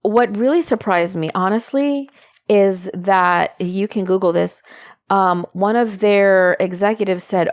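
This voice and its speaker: A woman co-hosting a podcast, a mother chatting casually and telling an animated story. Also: medium pitch, measured pace, dry recording. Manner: animated storytelling, mother talking about her kids. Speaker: podcast co-host. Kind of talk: casual chat.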